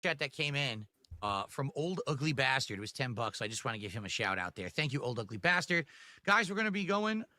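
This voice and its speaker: A man's voice: medium pitch, sing-song, fairly quick, pushed and bright. A man hosting a live wrestling commentary stream, chatting casually and asking viewers for support. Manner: chatty, asks chat for support, restarts a lot.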